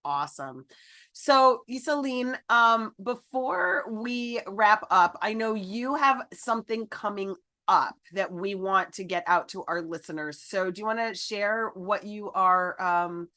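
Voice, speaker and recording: A woman's voice: medium pitch, expressive, unhurried, bright, forceful tone. A woman co-hosting a podcast, upbeat and chatty, talking to guests and listeners. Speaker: podcast co-host. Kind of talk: casual podcast chat.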